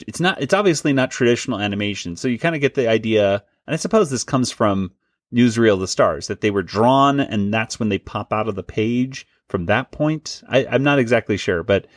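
A man's voice: fairly low pitch, expressive, brisk, no room sound, studio quality. A man hosting a casual podcast chat, talking loosely and laughing often. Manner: chatty, laughs often, restarts. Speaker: podcast host.

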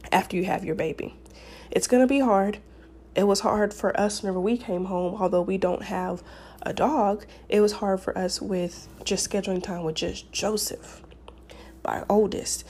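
Woman podcast host, relaxed mellow tone, chatty and rambling. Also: medium pitch, creaky, breathy edge. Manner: chatty, rambling, many fillers and restarts. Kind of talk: casual advice talk.

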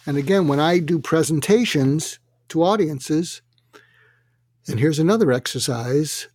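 A man telling anecdotes as an interview guest, animated and acting out quotes, with frequent fillers. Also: a little high, unhurried, no echo. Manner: animated, acts out quotes in other voices. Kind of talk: anecdotal storytelling.

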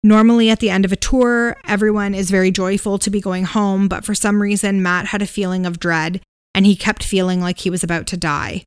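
A woman's voice: medium pitch, fairly quick, clean tone, no room sound. A woman co-hosting a podcast, casually retelling a ghost story with "um"s and "like"s. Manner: relaxed retelling with fillers and hedges. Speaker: podcast co-host.

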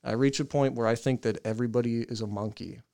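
A young man with a smooth, resonant voice in the middle pitch range spins a rambling, swear-laden story for his podcast co-hosts. He talks casually and laughs at himself along the way. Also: fast. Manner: profane, animated storytelling with laughs. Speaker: podcast co-host.

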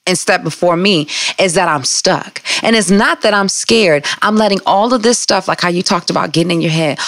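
Woman host, kinda low voice, earnest motivational chat, dry close sound. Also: dry recording. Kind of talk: casual conversation.

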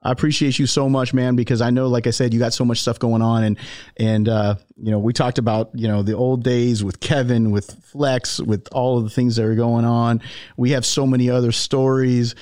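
A man's voice: medium pitch, little pitch movement, normal speed, darkish tone, dry recording, studio quality. A man hosting a podcast, casually telling a long story to a friend and laughing often. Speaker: podcast host.

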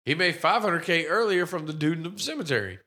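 A man with a bright, forward voice and a lively, bouncing delivery. He talks casually and profanely, laughing as he walks through a movie's plot. His tone stays animated and loose. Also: fairly high pitch, quick pace. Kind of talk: casual movie recap chat.

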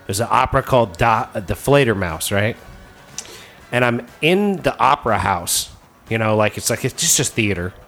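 A man's voice: fairly low pitch, animated, normal speed, fairly bright tone, faint music behind. A man hosting a casual comedy podcast, telling crude stories in a loose, rambling way full of fillers. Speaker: podcast host.

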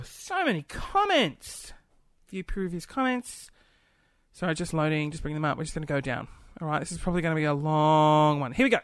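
A woman's voice: low-pitched, animated, brisk, smooth, no echo, clean studio sound. A woman hosting a casual stream, chatty and playful, giggling and gasping as she reads out comments. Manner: giggly, chatty, playful, with gasps and little asides. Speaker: livestream host. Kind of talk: casual chat, reading viewer comments.

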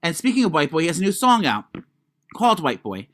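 A man co-hosting a podcast, chatting and gossiping in an animated way, stammering and swearing, with lots of fillers. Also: fairly high pitch, quick pace. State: congested, has to blow his nose. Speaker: podcast co-host. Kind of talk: casual gossip chat.

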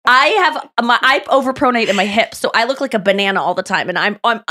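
A woman's voice: on the high side, animated, quick pace, sharp tone. A woman from St. Louis hosting a podcast, telling stories in rambling casual chat that is full of "like". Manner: rambling storytelling, heavy use of "like". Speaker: podcast host.

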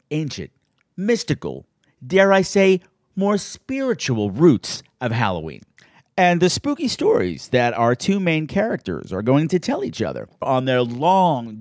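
A man hosting a podcast in casual chat, theatrical and excitable, laughing easily. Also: high-pitched, dry recording, studio quality. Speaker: podcast host. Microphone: podcast microphone.

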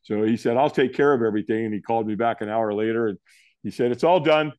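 Speaking quickly in a mid-range voice, a middle-aged guest from the United States recounts a personal story during an interview. He animatedly performs the quotes of the people involved, and there is no echo.

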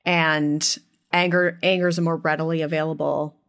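Reflective woman host, lowish voice. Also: flat delivery, normal speed, a bit bright. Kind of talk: casual podcast conversation.

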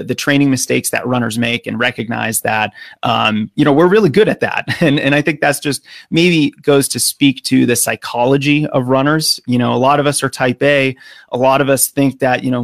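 A man's voice: medium pitch, no echo, clean studio sound. A middle-aged American man, a running coach, explaining training earnestly in a podcast interview with frequent filler words. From United States.

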